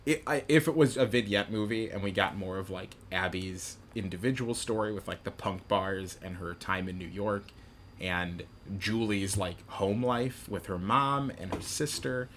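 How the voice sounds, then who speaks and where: A man's voice: on the low side, moderate pace, a bit bright, slight background noise. A young man in casual chat about a film, rambling with many fillers and acting out quotes. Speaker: podcast co-host discussing a film.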